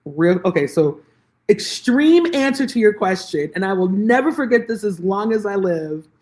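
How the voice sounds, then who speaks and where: Animated woman telling stories on a call. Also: medium pitch, normal speed. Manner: animated storyteller, acts out quoted exchanges. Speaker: guest, lead generation specialist. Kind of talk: conversational interview.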